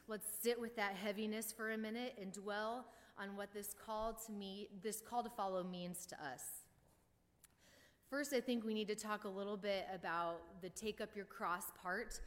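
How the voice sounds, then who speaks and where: A woman preaching a conversational sermon with a casual, wry manner and joking asides. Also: medium pitch. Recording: long hall reverb.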